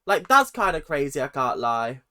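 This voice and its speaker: A man's voice: fairly high pitch, big pitch swings, normal speed. A British man chatting casually as he reacts to a show, laughing and mimicking lines he hears. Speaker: reaction video host.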